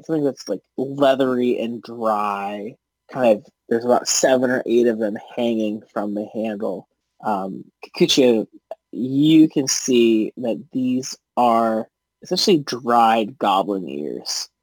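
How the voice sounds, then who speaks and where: A man narrating as game master in a casual, halting way with many fillers. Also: mid-range voice, no echo.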